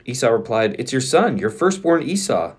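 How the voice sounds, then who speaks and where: A man's voice: mid-range voice, sing-song, normal speed, breathy edge. A man co-hosting a podcast, reading scripture aloud in turns with a co-host, earnest and emphatic on pleading lines.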